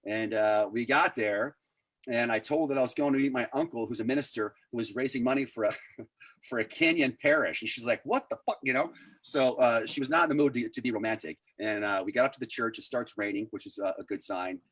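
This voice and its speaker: A man's voice: medium pitch, a little fast, a bit bright, dry recording. A middle-aged man doing rambling, self-deprecating stand-up over a video call, full of fillers. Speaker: stand-up comedian.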